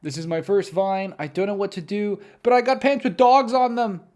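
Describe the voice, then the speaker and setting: A man putting on an American accent to play a goofy young man making his first short video clip, in a high, excited, show-off tone. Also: normal speed, natural voice. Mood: giddy.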